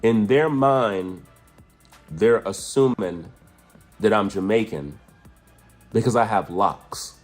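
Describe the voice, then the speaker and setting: A man in a played video clip, talking to his viewers in a measured, explaining way. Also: on the low side, soft background music. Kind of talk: vlog commentary.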